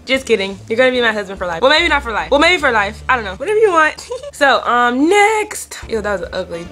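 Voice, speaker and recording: A teenage girl giving casual, rambling shoutouts to friends in a vlog, teasing and giggly as she goes. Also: on the high side, very animated, fast talker. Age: teens. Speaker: vlogger.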